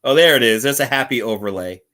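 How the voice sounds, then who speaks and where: A wireless clip-on mic captures a man speaking fast in a sharp, medium-pitched voice. Indoors at home, he's doing a playful live chat, going through comments and laughing often.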